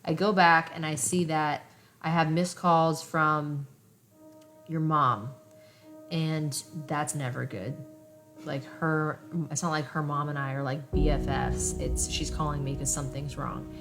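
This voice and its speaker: A woman's voice: deep voice, fairly even intonation, unhurried, fairly bright tone, faint music behind. A young woman in her late twenties hosting a candid podcast conversation, telling stories bluntly with plenty of swearing. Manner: blunt, profanity-laced storytelling. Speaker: podcast host.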